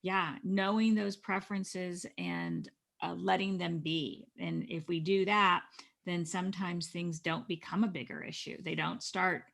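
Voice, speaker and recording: A woman's voice: on the low side, unhurried, creaky, a bit bright. A middle-aged woman, an animal communicator, talking earnestly as an interview guest and often restarting her sentences. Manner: earnest, advising, with frequent restarts. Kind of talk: conversational interview.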